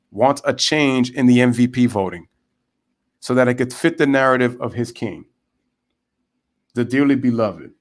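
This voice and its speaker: A young man calls a baseball game live for his online viewers, reading the chat aloud between pitches. His voice sits at an ordinary middle pitch but leaps sharply upward when he launches into heated, ranting asides. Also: normal speed, long pauses. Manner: animated, ranting, chatty with viewers. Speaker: live baseball commentator and streamer. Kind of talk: casual live play-by-play with rants.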